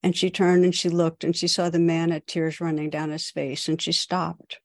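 A woman, a meditation teacher, giving a dharma talk in a gentle, unhurried storytelling manner. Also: lowish voice, completely flat delivery, dry recording, clean studio sound.

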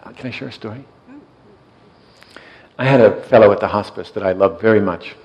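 A man who works in hospice care, telling a story gently and softly, often checking in with his listener. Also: on the low side, a little fast, lo-fi sound, noisy background. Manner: soft-spoken, often checks in with "yeah?". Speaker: hospice worker and meditation teacher.

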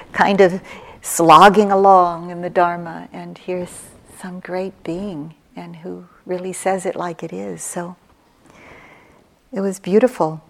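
A woman meditation teacher giving a dharma talk, slow and reflective, with soft pauses and restarts. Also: lowish voice. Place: meditation retreat hall.

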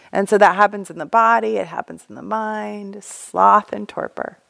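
A woman's voice: mid-range voice, steady tone, moderate pace, creaky, hardly any pauses, a bit bright. A young woman teaching meditation in a casual, candid dharma talk, laughing often and acting out thoughts.

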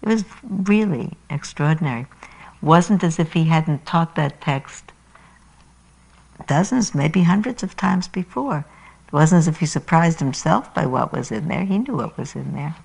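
A woman meditation teacher giving a dharma talk, reading a children's story aloud in an unhurried, expressive way. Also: low voice, creaky, husky, poor audio.

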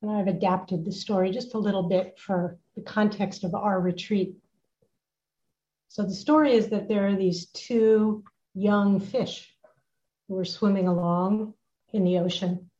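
Slow, mellow woman teaching a retreat. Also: medium pitch, fairly even intonation, highs cut off. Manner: gentle, unhurried, laughs softly. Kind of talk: reflective retreat talk. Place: at home with a dog nearby.

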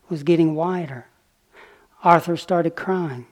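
A man giving a dharma talk as a meditation teacher, telling a story gently and unhurriedly, with pauses and small fillers. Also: a little high. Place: retreat center meditation hall.

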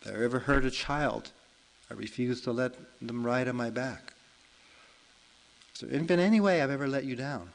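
A man voicing a big, forgiving ox in a told folk tale, speaking calmly and coolly. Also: mid-range voice, normal speed, pauses often, natural voice, low-quality recording. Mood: calm reproach. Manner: calm, cool, gently reproachful. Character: calm wise male ox, big and forgiving.

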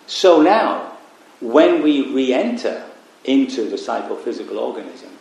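Casting: man giving a calm dharma talk, wry, pausing, big echoey room. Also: mid-range voice, vocal fry. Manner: reflective, pausing, wry asides. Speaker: Buddhist meditation teacher. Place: retreat meditation hall.

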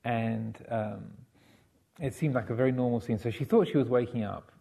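A man giving a Buddhist dharma talk, telling a story in a halting way with many fillers and restarts. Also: medium pitch, gravelly, warm tone, slightly rough. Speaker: Buddhist monk teacher.

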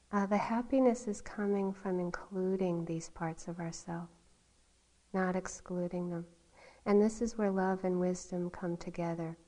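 Woman meditation teacher, mellow warm tone, unhurried storytelling, gentle laughs. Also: mid-range voice, poor audio. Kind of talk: dharma talk. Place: meditation hall.

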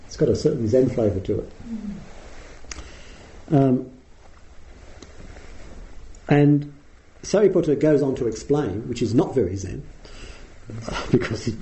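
A middle-aged Australian man giving a dharma talk as a meditation teacher, explaining in an unhurried way with frequent ums. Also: medium pitch, lively intonation, dark tone, low-quality recording.

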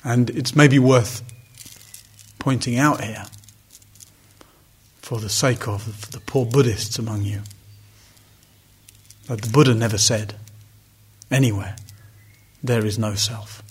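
Man, husky voice, meditation teacher, reflective dharma talk, wry asides. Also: medium pitch, steady tone, slow pace, pauses often. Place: retreat center hall.

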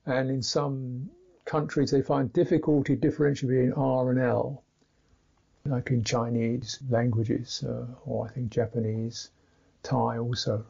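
A man teaching pronunciation in a slow instructional talk, deliberately repeating and demonstrating each consonant sound. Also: mid-range voice, fairly even intonation, gravelly, warm tone, husky. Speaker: Buddhist meditation teacher. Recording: dull lo-fi recording.

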